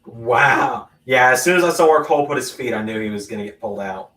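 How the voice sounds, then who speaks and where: A man hosting a live watch-along of a wrestling event, reacting with sudden loud exclamations between casual remarks. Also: medium pitch, a little fast, distant mic. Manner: excitable, bursts into loud exclamations. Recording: roomy echo, voice off-mic.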